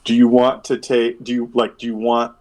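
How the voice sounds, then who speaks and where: Man, game master, tabletop narration, rambling, lots of fillers, mid pitch. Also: monotone, normal speed, darkish tone. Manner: rambling, filler-heavy, self-correcting.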